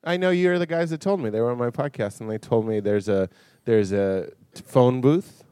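A man's voice: medium pitch, moderate pace, warm tone, smooth, no echo. A man, a guest comedian, trading playful jokes on a live podcast before an audience. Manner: playful, joking, giggly.

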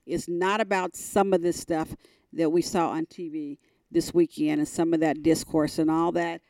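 Emphatic middle-aged woman, low dry voice. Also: normal speed, no echo. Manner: emphatic, animated, voice climbs high when retelling. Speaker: sports team executive, podcast guest. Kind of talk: candid conversational storytelling.

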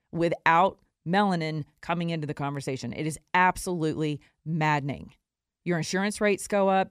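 A woman's voice: medium pitch, dry recording, studio quality. A woman hosting her own podcast, delivering an indignant, sarcastic opinion rant. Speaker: podcast host and recording artist.

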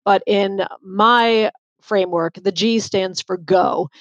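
A woman author from the Boston area, with a faint Boston accent, appears as a podcast interview guest, chatty and animated with many fillers. Her voice is medium-pitched and her pace slow. The recording is dry and lo-fi.

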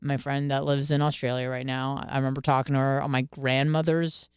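A woman in her twenties hosting a radio podcast, telling candid stories in a casual, profane, animated way. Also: extremely low pitch, a little fast, clean tone, no echo, studio quality. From Michigan, US. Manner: candid, profane, animated storytelling with quoted self-talk. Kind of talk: casual monologue.

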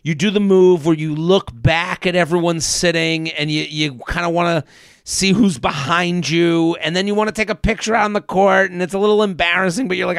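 A man's voice: sits high, normal speed, no echo, studio quality. A male comedian and podcast host telling a long story, acting out quoted voices and working up into a rant. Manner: animated, acts out quoted voices, rants.

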